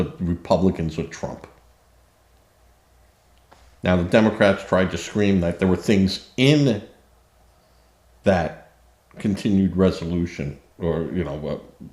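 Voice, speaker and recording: A man with a lowish voice delivers an unhurried opinion monologue, indignant and sarcastic, stumbling over fillers and restarts. He speaks slowly, and the recording carries a roomy echo. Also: dark tone. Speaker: political commentary host.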